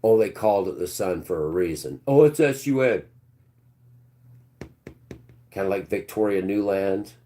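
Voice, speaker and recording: A man hosting a live stream, preaching and ranting, swinging between loud outbursts and low mutters. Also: expressive, unhurried, pauses often.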